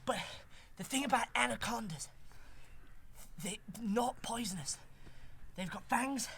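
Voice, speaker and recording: A performer playing an excitable male wildlife presenter with a poor put-on Australian accent, filming outdoors in a back garden for a children's show. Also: medium pitch, a little slow, gravelly, slightly rough, full character voice. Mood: hushed, explaining. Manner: excitable, exclaiming, sudden shouts then hushed. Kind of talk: comic children's wildlife segment.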